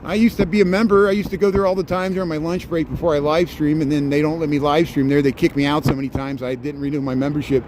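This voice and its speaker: A man with a Chicago accent rambles cheerfully as he walks outdoors, pointing out sights and greeting viewers by name. His voice sits a little high, recorded on a handheld phone. Street traffic is clearly heard behind him. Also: little pitch movement, fast, hardly any pauses. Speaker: live-streaming walking tour host. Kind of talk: casual live-stream walking commentary. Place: outdoors on a busy city street.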